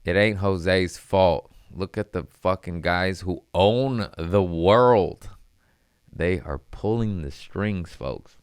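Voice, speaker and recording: A man's voice: low voice, takes it slowly, smooth, no echo, clean studio sound. A young adult man, a comedian, rambling casually and profanely, laughing between lines.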